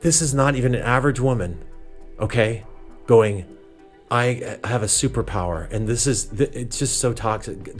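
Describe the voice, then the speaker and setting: A man hosting a reaction commentary show, talking in a sarcastic, exasperated way and addressing people as ma'am. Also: mid-range voice. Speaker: commentary channel host.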